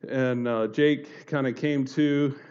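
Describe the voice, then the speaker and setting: A man's voice: medium pitch, fairly even intonation, darkish tone, clear, resonant tone. Earnest man telling his story, muffled. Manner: earnest, halting, with many fillers and restarts. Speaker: speaker giving a personal testimony. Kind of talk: earnest spoken storytelling to an audience.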